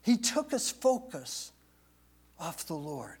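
A man's voice: on the high side, huge pitch swings, slow, gravelly, darkish tone, breathy edge. A man preaching a sermon, reading scripture aloud and repeating phrases for emphasis. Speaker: pastor.

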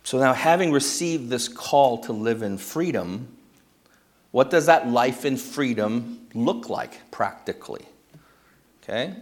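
A man preaching a sermon as pastor, teaching through a passage and often checking in with the congregation. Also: medium pitch. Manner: checks in with the congregation with frequent "okay?". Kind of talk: expository sermon.

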